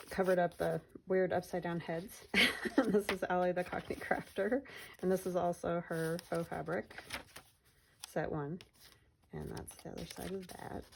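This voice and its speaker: Low, gravelly-voiced woman chatting casually. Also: noisy background. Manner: chatty, meandering, trails off mid-sentence. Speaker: craft vlogger. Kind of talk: casual journal flip-through narration.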